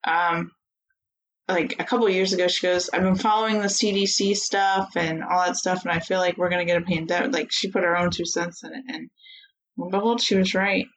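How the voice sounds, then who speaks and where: A woman's voice: lowish voice, steady tone, brisk, poor audio. Chatty woman podcast co-host. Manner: chatty, lots of "like" fillers. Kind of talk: casual chat.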